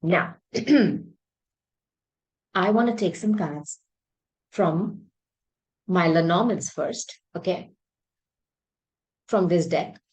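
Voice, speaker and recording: Woman, low-pitched, husky, tarot reader, emphatic, intuitive, clears throat. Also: extremely slow, long pauses, rough recording. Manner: intuitive, emphatic, repeats words for stress. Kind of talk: tarot reading to viewers.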